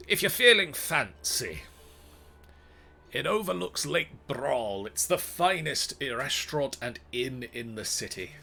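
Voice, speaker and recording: A man putting on a brash, swaggering innkeeper in a tabletop game, whose tough street accent never settles and keeps drifting from place to place. The voice is bright and forward, and it swings lively up and down. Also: on the high side, full character voice.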